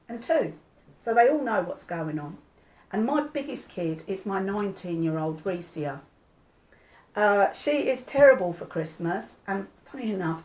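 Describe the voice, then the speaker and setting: A woman's voice: medium pitch, darkish tone, rough recording. Older woman, grandma vlogger, chatty, homely, rambling. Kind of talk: casual chat.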